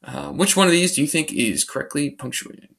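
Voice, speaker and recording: A man's voice: a little high, a little fast, creaky, fairly bright tone. A male teacher recording a screencast tutorial, explaining grammar rules patiently and step by step. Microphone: computer microphone for a screen recording.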